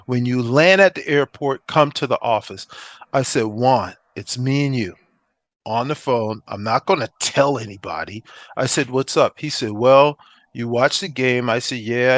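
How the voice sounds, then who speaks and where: A middle-aged man spins stories in a relaxed interview, jumping into the voices of the people he quotes. His voice sits in an ordinary middle pitch. The sound is close and dry, with no room around it. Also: dry recording. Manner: animated storyteller who acts out quoted dialogue. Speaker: interview guest, former pro football player. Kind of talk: casual storytelling interview.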